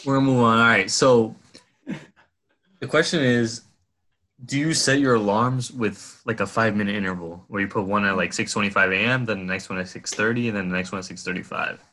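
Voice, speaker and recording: A man's voice: lowish voice, fairly even intonation, fairly quick, sharp tone. A young man co-hosting a casual podcast, easygoing and teasing, with slangy speech. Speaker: podcast co-host. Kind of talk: casual chat.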